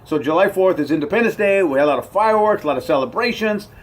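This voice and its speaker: A middle-aged man talking to camera outdoors on his porch, his voice sitting a little higher than most men's. He rambles in an upbeat, easygoing way, circling back with ums, uhs and restarts. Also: animated, quick pace. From United States. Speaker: vlogger. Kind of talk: casual rambling vlog to camera.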